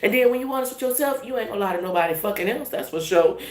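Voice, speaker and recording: A woman's voice: a little high, lively intonation, rapid-fire, a little mellow. Profane, emphatic woman doing a tarot reading. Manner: profane, emphatic, laughing asides. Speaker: tarot reader. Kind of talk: casual tarot reading monologue. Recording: echoey room, faint noise.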